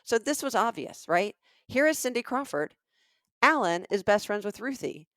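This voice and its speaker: A woman's voice: a little high, moderate pace, no echo, studio quality. A middle-aged Southern woman with a Southern US accent, a podcast co-host telling a comedic story and acting out the voices of the people in it. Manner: animated, acts out the dialogue of people in her stories.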